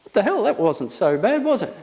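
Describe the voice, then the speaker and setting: A man puts on a relieved, easygoing pet dog that talks in a lifted, lilting voice. It sounds like a quick aside inside a training lesson. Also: high-pitched, very animated, mellow, long reverb tail, voice pushed up, poor audio.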